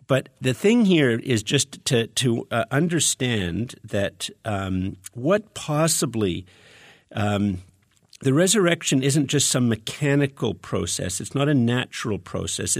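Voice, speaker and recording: Gravelly low-voiced man preaching. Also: no echo, studio quality. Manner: conversational, restarts often, earnest. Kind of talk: teaching sermon reading scripture.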